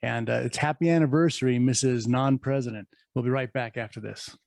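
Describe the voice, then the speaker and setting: A man's voice: medium pitch, fairly even intonation, a little fast, creaky, a little mellow, dry recording. A man hosting a radio interview, easygoing and joking as he tells a story. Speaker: radio show host.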